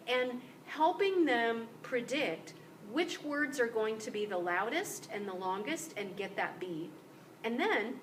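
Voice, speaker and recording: A woman instructor giving a recorded lecture, explaining clearly and slowing down to model example sentences. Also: medium pitch, a bit bright, a little hiss or hum, rough recording. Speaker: university instructor. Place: room with motion-sensor lights.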